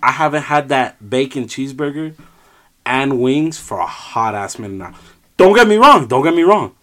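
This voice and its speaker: A man in a casual podcast chat, teasing his friends and flatly denying whatever they pin on him. His pitch swings up and down in a lively way. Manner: teasing, quick to deny.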